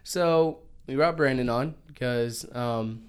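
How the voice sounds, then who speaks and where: Man, podcast host, smooth clear voice, joking, rambling. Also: medium pitch, slow pace. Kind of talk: casual podcast chat.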